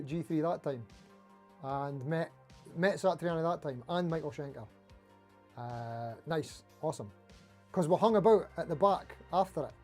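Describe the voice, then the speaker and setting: A middle-aged man from Dundee talks quickly in a broad Scottish accent, answering viewers on a casual guitar livestream. His voice sits high yet sounds warm and soft-edged. Faint music plays behind him. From Scotland. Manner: fast-talking, chatty, reading out viewer comments. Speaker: livestream host.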